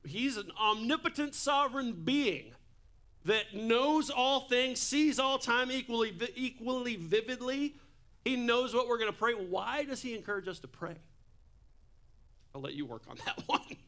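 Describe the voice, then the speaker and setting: A man's voice: very high voice, lively intonation, measured pace, pushed and bright. A man preaching a sermon at church in a casual, joking way, with asides to the congregation. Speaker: pastor.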